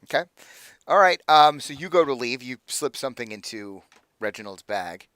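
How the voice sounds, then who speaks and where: A man's voice: mid-range voice, lively intonation, normal speed, fairly bright tone, clean tone, dry recording. A man running a tabletop game as game master, narrating loosely with lots of fillers.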